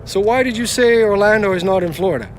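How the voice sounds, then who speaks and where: A man's voice: high-pitched, expressive, fast, a little hiss or hum. Rambling man telling a story on a live stream. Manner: rambling, restarts often, casual swearing.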